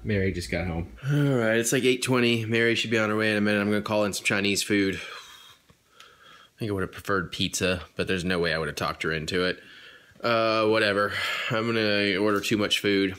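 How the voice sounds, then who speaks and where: Brief: male vlogger, lowish voice, worn-out and rambling, casual swearing. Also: a little fast, a bit bright. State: tired. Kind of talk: casual vlog chat.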